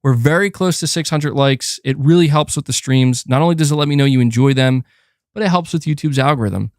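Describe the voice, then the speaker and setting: A man's voice: mid-range voice, fairly quick, no echo. A man hosting a casual gaming livestream, talking close to a desk mic and chatting loosely, often breaking off to coax his cat. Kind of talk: casual live-stream chat.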